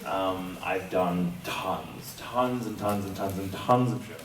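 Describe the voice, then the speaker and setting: Speaking slowly in a low voice, a male voice actor recounts stories as a convention panel guest, wryly poking fun at himself and laughing often. The recording comes from a distant mic in an echoey convention hall, with a crowd and background noise.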